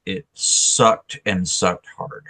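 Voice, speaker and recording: A man's voice: low voice, drawn-out words, vocal fry, sharp tone. A man co-hosting a casual comics chat, giving blunt, opinionated takes. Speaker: podcast co-host.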